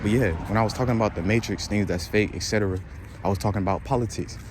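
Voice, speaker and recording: A man's voice: fairly low pitch, very fast, noisy background. A man vlogging casual commentary, slangy and rambling, repeating his fillers.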